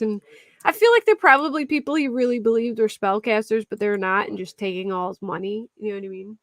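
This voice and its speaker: A woman's voice: medium pitch, a little fast, no echo. A young woman hosting a casual true-crime live stream, chatting and answering viewers at her desk mic. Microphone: desk mic at a computer.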